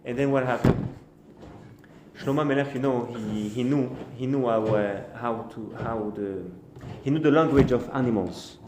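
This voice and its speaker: Halting rabbi telling a story in an echoey room. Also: male voice, medium pitch. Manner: halting, repeats and restarts phrases; acts out the birds and the king in short quoted bits. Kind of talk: storytelling sermon. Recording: echoey room with faint noise.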